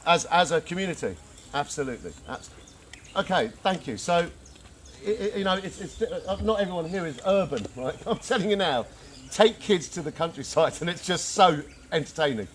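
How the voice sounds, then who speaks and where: An animated man leads an informal talk outdoors, his voice pitched a little high. He throws in slang like man and dude. Faint birdsong and outdoor noise sit behind him. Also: moderate pace. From England. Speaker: workshop speaker. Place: outdoor gathering in the countryside.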